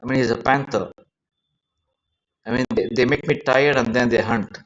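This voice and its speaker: On a rambling live stream, a man with a mid-range voice is distressed and near tears, pleading about his grievances in halting bursts that repeat words. It's a lo-fi phone screen recording captured on a phone mic.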